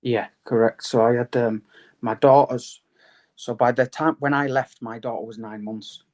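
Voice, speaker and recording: A man tells things in a matter-of-fact way. His voice stays flat and even in pitch. He talks like a podcast guest answering questions. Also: moderate pace. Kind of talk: interview answers.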